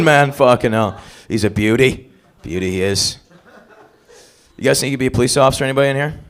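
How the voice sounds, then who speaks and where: A man's voice: medium pitch, animated, quick pace. A man hosting an open mic comedy night, working the crowd with crude, profane banter on a club stage.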